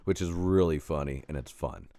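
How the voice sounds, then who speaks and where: A man co-hosting a podcast, telling a story in casual, profane chat and shouting as he acts out the scenes. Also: very deep voice, normal speed, no echo, clean studio sound. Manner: animated, profane, shouts when acting out scenes. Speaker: podcast co-host.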